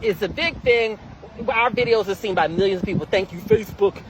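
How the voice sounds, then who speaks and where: Fast-talking animated storyteller man. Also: background noise. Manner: flamboyant, exclaiming, with sudden high-pitched quoting. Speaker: host.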